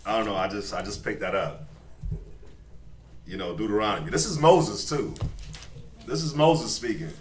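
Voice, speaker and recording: Laid-back low-voiced man. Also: moderate pace, long pauses. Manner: laid-back, slangy, laughs often. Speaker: Bible study leader. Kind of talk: casual Bible study commentary. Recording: echoey room, far from mic, faint noise.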